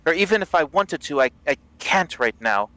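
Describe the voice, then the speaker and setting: A man voicing a frightened male werewolf prisoner with a gruff, pleading voice. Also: fairly high pitch, big pitch swings, normal speed, pushed and bright, pitched above the performer's own voice, low-quality recording.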